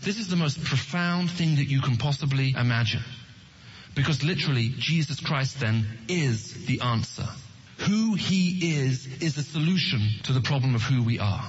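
A man's voice: mid-range voice, lively intonation, normal speed, husky, highs cut off. A man giving an earnest evangelistic talk to an audience, often asking them questions. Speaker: Christian apologetics speaker.

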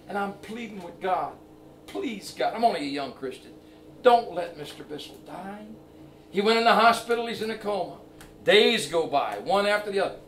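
A middle-aged man preaching a sermon, his voice set a bit high. He moves from quiet storytelling to emphatic, raised preaching. The recording picks him up from far off in an echoey church, with a faint hiss behind him. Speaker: evangelist.

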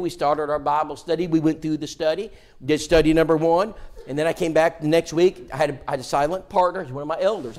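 Animated male preacher telling a story. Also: fairly high pitch. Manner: animated, stammering restarts, acts out dialogue. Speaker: preacher, guest seminar speaker. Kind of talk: sermon storytelling. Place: church.

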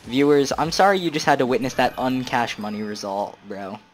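A man's voice: medium pitch, fairly quick, soft background music. Slangy young guy narrating a game. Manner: slangy, joking, excitable, says "bro" a lot. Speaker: gaming channel host. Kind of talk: casual let's-play commentary.

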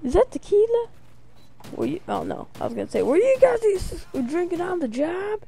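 Low-pitched gravelly woman gaming. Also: brisk, faint music behind. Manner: rambling, jokey, jumps into high excited bursts. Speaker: let's play commentator. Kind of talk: casual gameplay commentary.

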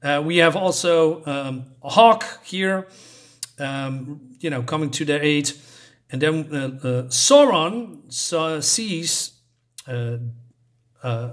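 A man with a somewhat high, animated voice reviews a comic book informally and walks through its plot. He keeps stopping and restarting as he searches for words.

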